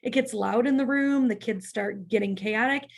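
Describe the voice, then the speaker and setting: A woman's voice: on the high side, normal speed, vocal fry. A woman leading a childcare staff training in a church parlor, practical and often checking in with "right?".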